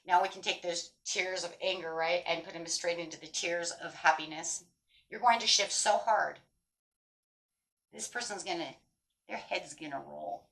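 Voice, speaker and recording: A woman's voice: lowish voice, normal speed, fairly bright tone, low-quality recording. Blunt, emphatic woman tarot reader. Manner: emphatic, blunt, swears freely. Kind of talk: tarot reading monologue.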